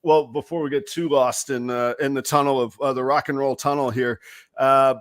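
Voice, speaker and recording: A middle-aged man hosting a podcast, chatting casually and telling animated, salty stories. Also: mid-range voice, moderate pace, no room sound, clean studio sound. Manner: animated, swearing storyteller. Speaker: podcast host.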